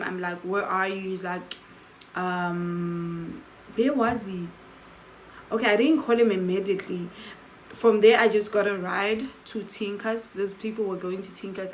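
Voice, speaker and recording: This storytelling vlogger is a woman whose medium-pitched voice comes through a low-quality recording with a little hiss or hum. Animated and casual, she spins a story-time tale, voicing what others said with "I'm like" as she goes.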